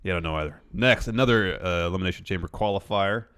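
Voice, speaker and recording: Lower-voiced man recapping, matter-of-fact. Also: quick pace, fairly bright tone, smooth. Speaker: podcast co-host. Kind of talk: casual chat, recapping events.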